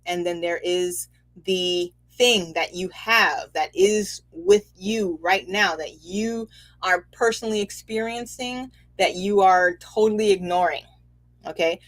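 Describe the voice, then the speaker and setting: A woman giving a casual, animated spiritual reading, chatty and quick to laugh, checking in with "okay?" often. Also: medium pitch. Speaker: spiritual reader and host.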